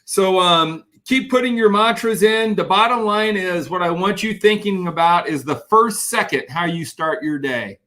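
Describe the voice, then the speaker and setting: Speaking at a moderate pace with few pauses, this high-pitched man gives an energetic motivational keynote over a live stream. He reads incoming comments and welcomes viewers by name.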